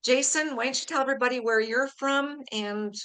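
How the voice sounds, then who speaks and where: A woman's voice: high voice, a little fast, a bit bright, clean tone. A woman hosting a live podcast, chatting with enthusiasm and many fillers. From Canada. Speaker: host.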